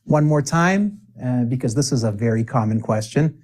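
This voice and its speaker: A man teaching spoken English, drilling phrases for the viewer to repeat, with deliberate pauses and playful asides. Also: mid-range voice, expressive, a little mellow.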